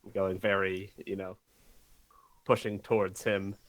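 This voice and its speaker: A young man playing a tabletop game, casual and joking, answering quickly. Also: low voice, little pitch movement, no room sound. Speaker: player.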